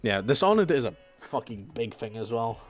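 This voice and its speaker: A man's voice: mid-range voice, big pitch swings, normal speed, soft background music. A man chats casually on a live stream, rambling through his stories. He leans on fillers and restarts, and he swears offhandedly as he talks.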